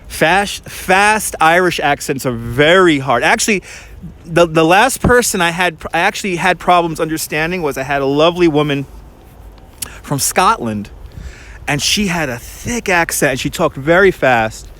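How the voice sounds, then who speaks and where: A livestream host and tour guide with a Brooklyn accent talks into his handheld phone on an outdoor walk through a park. He rambles rapidly with many restarts, his somewhat high voice animated and fairly bright.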